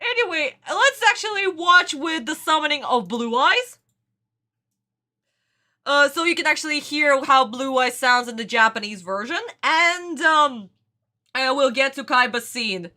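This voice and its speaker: A woman hosting a casual reaction video, excitable and dramatic, with frequent exclamations. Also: sits high, measured pace.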